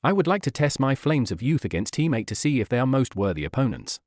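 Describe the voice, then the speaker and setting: A man's voice: mid-range voice, big pitch swings, fast, no echo, studio quality, natural voice. A man reading aloud as an eager, overenthusiastic teenage boy student in a fan story. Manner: shouting, earnest.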